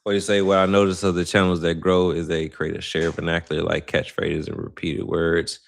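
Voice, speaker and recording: Rambling St. guy, low voice. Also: monotone, brisk, vocal fry. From St. Louis, Missouri. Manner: rambling, slangy, self-correcting. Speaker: channel host. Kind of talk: casual livestream chat.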